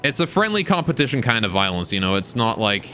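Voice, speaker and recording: A man from Britain, his accent now mostly Canadian, rambles casually on a live game stream while answering viewer questions. He talks fast in a medium-pitched, sing-song voice with a sharp tone, and faint music plays behind him.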